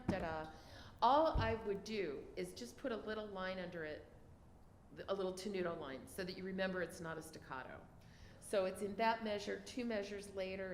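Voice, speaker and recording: Effusive woman singing rhythms, roomy sound. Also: medium pitch. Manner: effusive, sings rhythms aloud while explaining. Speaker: piano adjudicator. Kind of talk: masterclass feedback. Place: piano gallery room. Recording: roomy sound with faint room hiss.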